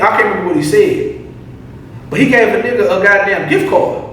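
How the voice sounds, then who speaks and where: A man, telling a story as a guest rapper in an animated, casual way and acting out what others said. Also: high-pitched, fairly quick. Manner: animated, swears freely, acts out other people's lines. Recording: echoey room, distant mic, faint noise.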